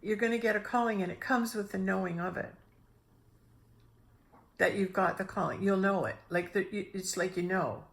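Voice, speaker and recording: A middle-aged woman giving a casual spiritual talk, telling a personal story with lively restarts and acted-out inner voices. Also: medium pitch, moderate pace, vocal fry. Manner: animated, restarts often, acts out her own inner voices. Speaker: spiritual speaker.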